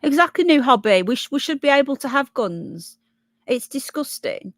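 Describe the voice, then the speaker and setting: With a high, expressive voice at normal speed and no echo, this Brummie-accented woman from Birmingham, England, hosts a relaxed livestream. She's chatty, reads news and viewer comments while thinking aloud, and stumbles over names.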